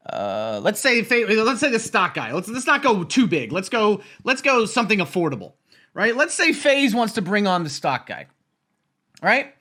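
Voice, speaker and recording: A man's voice: high-pitched, bright, forceful tone. A man casually explaining finance on his livestream, rambling and repeating himself, tagging "right?" onto his points, with jokey, profane asides. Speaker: stock trading streamer.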